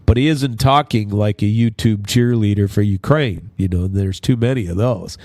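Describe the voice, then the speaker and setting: A man from Minnesota hosts his own radio show, delivering a casual news commentary monologue full of fillers and restarts. His voice is lowish and warm, and the recording is dry.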